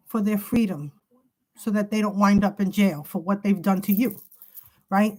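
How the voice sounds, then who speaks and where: A woman's voice: mid-range voice, moderate pace, darkish tone, poor audio. A woman giving an emotional tarot reading who talks in an agitated way, repeats herself and swears. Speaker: tarot reader. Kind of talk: emotional spiritual tarot monologue.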